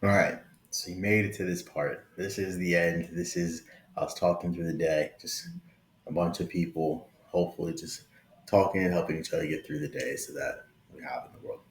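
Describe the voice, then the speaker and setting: A man's voice: sits low, steady tone, moderate pace, roomy sound, a little hiss or hum. A man around thirty hosting a casual tech vlog, talking openly and conversationally and often checking in with "right?". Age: late 20s to early 30s. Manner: conversational, keeps adding "right?", affectionate and open. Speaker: tech video host.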